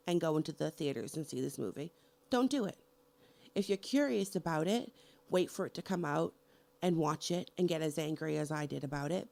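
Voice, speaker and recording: A woman's voice: lowish voice, creaky, dark tone. A middle-aged woman vlogging a heated, profane rant about horror movies, hammering each point with emphasis. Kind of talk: angry movie rant to camera.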